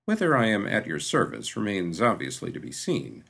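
A suave, ironic swordsman, as a man puts him on speaks in slow, formal phrases. The voice is deep and husky, with a gravelly edge. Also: huge pitch swings, a bit bright, exaggerated voice. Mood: courtly. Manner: courtly, measured, dryly ironic. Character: suave sardonic male swordsman, formal and dry.

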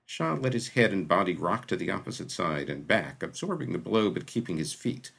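A man narrating a fantasy story in a measured, dramatic reading. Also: deep voice, big pitch swings, creaky, fairly bright tone, slightly rough, low-quality recording. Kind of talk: audiobook narration.

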